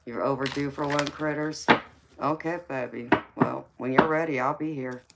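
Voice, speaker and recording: A woman hosting a tarot live stream with a raspy voice. She answers viewers in a casual, forthright way and calls them baby and honey. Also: rumbling low, steady tone, moderate pace. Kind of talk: casual live-stream chat reading comments. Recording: clear background noise.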